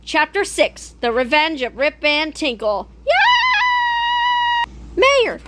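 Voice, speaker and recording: A woman reading a children's comic book aloud in an animated way, speaking the sound effects too. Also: high-pitched, unhurried, faint music behind. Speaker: read-aloud narrator.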